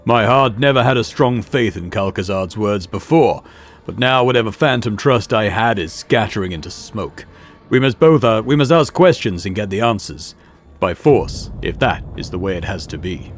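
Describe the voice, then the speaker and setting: A man voicing a gruff, proud warrior in a video game, speaking in an old-fashioned, boastful way. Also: lowish voice, expressive, normal speed. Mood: suspicious. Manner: archaic, boastful warrior speech. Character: gruff male Norse-style warrior, proud and blunt.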